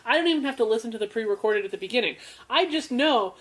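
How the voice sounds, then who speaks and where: A woman's voice: a little high, lively intonation, fast. A woman co-hosting a podcast, telling a story in casual chat with a profane, mocking manner. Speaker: podcast co-host.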